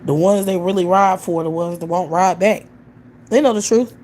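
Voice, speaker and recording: A woman's voice: on the low side, moderate pace, darkish tone, slight background noise. A woman hosting a livestream, ranting bluntly with heavy profanity. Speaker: livestream host. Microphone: computer or phone mic on a livestream.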